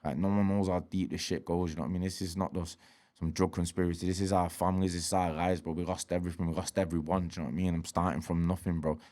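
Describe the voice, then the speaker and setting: A man's voice: deep voice, flat delivery, quick pace, darkish tone. A man, talking candidly as a podcast guest, streetwise and swearing freely, often asking "do you know what I mean". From Manchester. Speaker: interview guest, rapper.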